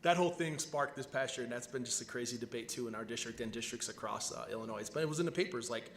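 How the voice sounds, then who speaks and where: A man's voice: mid-range voice, fast talker, slight background noise. Man telling a story on a panel. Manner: animated storytelling, many restarts. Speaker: panelist teacher. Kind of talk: panel discussion. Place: convention panel room. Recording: echoey convention hall.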